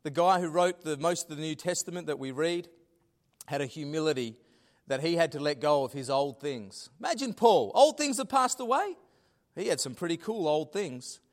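A middle-aged man preaching from the pulpit. His voice sits fairly high for a man, and he swings between loud, rising emphasis and quiet, dropped asides. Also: lively intonation, moderate pace. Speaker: pastor. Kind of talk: sermon.

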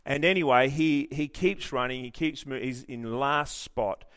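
A man preaching a sermon in church, telling stories in an animated way, joking and often restarting his sentences. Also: mid-range voice, a little slow, smooth. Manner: animated storytelling with jokes and frequent restarts. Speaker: pastor.

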